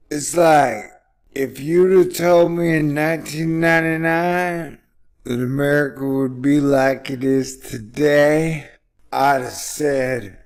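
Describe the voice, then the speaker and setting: A man giving rambling, playful solo commentary on economics, with drawn-out phrasing and sudden excited outbursts. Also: mid-range voice, creaky.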